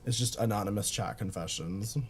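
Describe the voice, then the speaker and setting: A man's voice: on the low side, a little fast, a little hiss or hum. A man from Baltimore with a Baltimore accent, chatting casually and profanely on a gaming stream while reading chat aloud. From Baltimore, USA.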